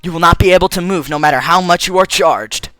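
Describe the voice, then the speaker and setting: A man voicing a calm, clinical robot assistant who speaks in a measured, deadpan way for a fan dub of a game. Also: sits high, no room sound, faint music behind, pitched below the performer's own voice. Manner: measured, deadpan, matter-of-fact. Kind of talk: fan dub of a game's text.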